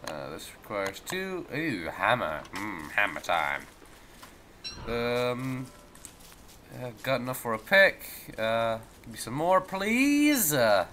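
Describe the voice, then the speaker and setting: A man from the United States rambling goofily through let's play commentary, his voice going hoarse. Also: medium pitch, sing-song, slow, long pauses, bright, forceful tone, soft background music. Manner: rambling, goofy, talks to the game. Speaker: gameplay commentator.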